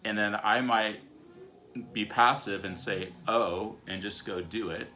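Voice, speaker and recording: A man's voice: fairly low pitch, unhurried, pushed and bright. A man co-hosting a parenting video at home, explaining communication scenarios step by step in a casual teaching chat.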